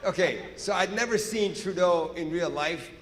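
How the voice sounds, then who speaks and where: A man doing stand-up, telling a story in an animated, profane way and acting out scenes on stage. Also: sits high, normal speed, a faint crowd. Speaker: stand-up comedian. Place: stage in a large hall. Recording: echoey hall with reverb.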